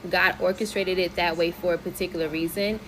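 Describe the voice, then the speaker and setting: A woman from the United States speaking to camera in an earnest, deliberate way. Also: fairly low pitch, steady tone, a little hiss or hum, low-quality recording. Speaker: social media commenter.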